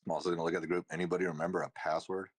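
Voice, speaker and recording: A man playing a tabletop game, calmly describing what his character does. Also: deep voice, racing, breathy edge. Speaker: player.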